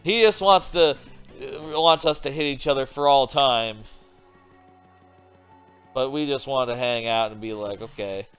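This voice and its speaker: A man's voice: medium pitch, unhurried, pauses often, fairly bright tone, clear, resonant tone, highs cut off, faint music behind. A man casually commentating a video game stream from his home desk, rambling and thinking aloud, swearing now and then. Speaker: streamer playing video games. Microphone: desk microphone.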